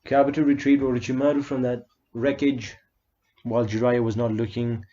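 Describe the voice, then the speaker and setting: A man's voice: mid-range voice, flat delivery, normal speed, mellow. A man casually telling a fan story in a loose, chatty way, swearing now and then, on a slightly dull lo-fi recording.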